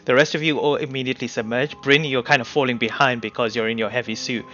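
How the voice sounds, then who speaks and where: A man's voice: mid-range voice, fairly even intonation, fast, sharp tone. A man running a tabletop game as game master, narrating loosely with many fillers. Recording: slightly dull mic with faint music.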